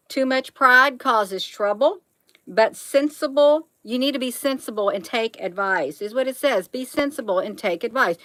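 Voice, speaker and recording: A woman's voice: mid-range voice, a bit bright, no room sound, low-quality recording. A middle-aged woman hosting a casual livestream, reading proverbs aloud and chatting folksily with viewers, calling them honey. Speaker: livestream host.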